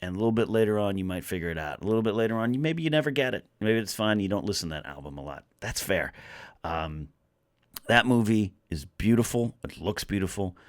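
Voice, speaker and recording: A man with a fairly low voice talks as a podcast guest, in close, dry sound. He rambles animatedly, restarting sentences and getting worked up. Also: lively intonation, fast talker, no room sound. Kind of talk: casual chat.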